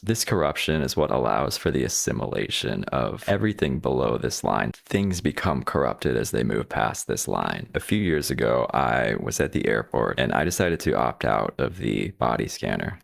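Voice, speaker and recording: A man with an extremely deep, gravelly voice gives an earnest explanatory monologue. He repeats words now and then as he searches for the right phrasing. The recording is dry and close. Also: no room sound. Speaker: video creator explaining his own chart.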